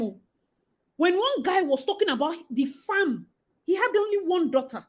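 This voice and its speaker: A Nigerian woman hosting a livestream, reading viewer comments and talking about life abroad with loud exclamations and Pidgin phrases. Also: high voice. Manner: expressive, exclamatory, mixes Pidgin into talk. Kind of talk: animated livestream chat.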